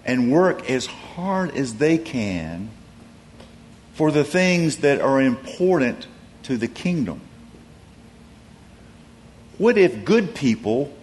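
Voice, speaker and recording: A man's voice: mid-range voice, slight background noise. A man preaching a sermon in a conversational, storytelling way, with frequent restarts.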